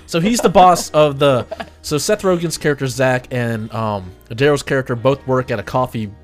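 A man's voice: mid-range voice, normal speed, faint music behind. A man hosting a radio show in casual chat, telling stories animatedly with frequent restarts and laughter.

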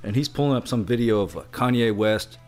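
A man swapping stories on a casual podcast, his voice sitting at an average pitch. He tells things animatedly and drops into the voices of the people he quotes, with faint music playing underneath. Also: animated, brisk, a little mellow. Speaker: podcast co-host. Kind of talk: casual storytelling chat.

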